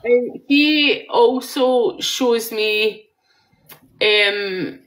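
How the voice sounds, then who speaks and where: A woman's voice: fairly high pitch, very slow, a bit bright, rough recording. A Scottish woman in her forties giving a live psychic reading in a rambling, chatty way, swearing and laughing now and then.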